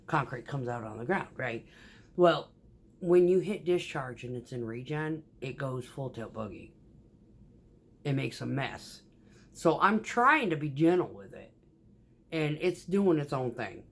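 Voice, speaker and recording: Low-voiced woman telling work stories. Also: a little slow, pauses often, husky. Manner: profane, animated, acts out quoted voices. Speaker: concrete mixer truck driver. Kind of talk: casual storytelling vlog.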